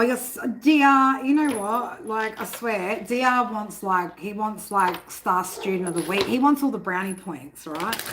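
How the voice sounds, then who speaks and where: A tarot reader hosting a live stream from home chats loosely, swears freely, and keeps breaking off to yell at her squabbling cats. Her voice sits in a middle pitch range, over a steady hiss of background noise.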